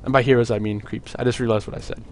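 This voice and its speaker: A young man casting a video game match on his own, chatty and jokey, with many filler words and quick asides. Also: mid-range voice, fairly even intonation, a little mellow, faint music behind. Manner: rambling, jokey, lots of "like" fillers. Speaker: esports caster. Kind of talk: solo play-by-play commentary.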